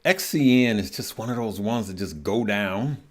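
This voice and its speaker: A man's voice: on the low side, moderate pace. A man hosting a live stock and crypto trading stream, chatting casually, laughing often and greeting viewers by name. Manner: thinks aloud, trails off while checking charts.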